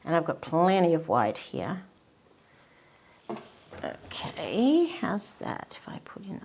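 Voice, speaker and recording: A woman giving a painting demonstration, murmuring softly to herself and often dropping to a whisper. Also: on the low side, wildly swooping pitch, takes it slowly, pauses often, a little hiss or hum. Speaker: art instructor.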